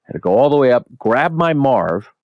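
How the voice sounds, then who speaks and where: A young man co-hosting a podcast, telling a story in casual chat, animated and swearing a lot as he acts out what people said. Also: mid-range voice, moderate pace, no room sound, narrow, tinny audio. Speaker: podcast co-host.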